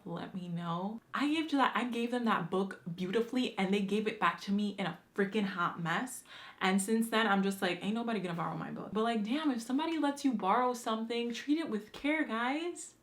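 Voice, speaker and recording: A young adult woman vlogging about books in a chatty, animated way, with slang and the odd swear word. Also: medium pitch, fairly quick. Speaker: book vlogger. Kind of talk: casual chat answering a book tag.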